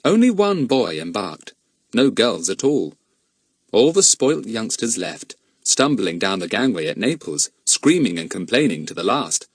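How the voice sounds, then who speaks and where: Male audiobook narrator, husky, very animated delivery, dry sound. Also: on the low side, a little slow, no room sound. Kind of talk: scripted narration.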